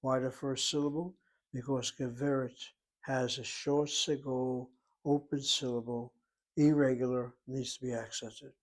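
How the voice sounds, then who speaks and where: A man's voice: mid-range voice, level tone, a little slow. A man teaching a Hebrew grammar lesson, explaining each word methodically letter by letter.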